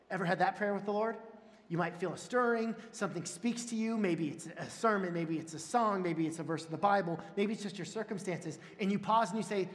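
A man preaching a sermon and telling stories with animated swings into loud, high exclamations. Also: fairly quick. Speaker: pastor. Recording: echoey hall with long reverb.

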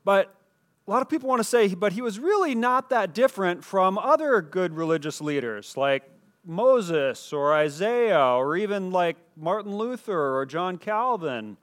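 A man preaching a teaching sermon in an explanatory way, with fillers and restarts, slowing down to stress key words. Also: sits high, expressive. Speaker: pastor. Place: indoor teaching space with a screen.

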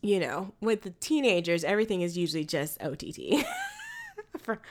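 A woman's voice: lowish voice, big pitch swings, normal speed. A young woman co-hosting a casual film podcast, rambling with lots of fillers and frequent laughter. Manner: rambling, many fillers and restarts, laughs often. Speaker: podcast co-host.

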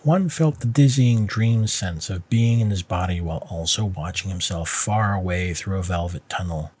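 A man narrating a story in a calm, measured reading style. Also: low voice, slightly rough. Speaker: audiobook narrator. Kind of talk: scripted narration.

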